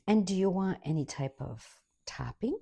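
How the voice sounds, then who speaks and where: A woman's voice: fairly low pitch, expressive, normal speed, creaky, mellow, breathy edge, no room sound, heavily acted. A woman voicing a bewildered teenage boy who works an ice cream counter, fumbling through his questions.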